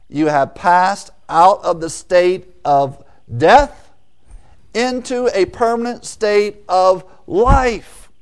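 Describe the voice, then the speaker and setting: Man, preacher, mid-pitched voice, emphatic sermon delivery with rhetorical questions and quiet asides. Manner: emphatic, swings between loud stresses and quiet asides; asks the audience questions and answers them. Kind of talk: sermon, verse-by-verse teaching.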